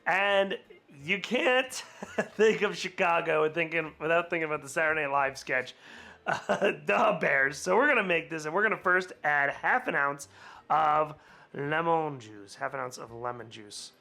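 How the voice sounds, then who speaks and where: Bright-voiced chatty man mixing cocktails. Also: on the high side, normal speed, vocal fry. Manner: chatty, laughs often, rambling asides. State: slightly hungover. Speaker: cocktail channel host. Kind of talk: casual cocktail-making vlog.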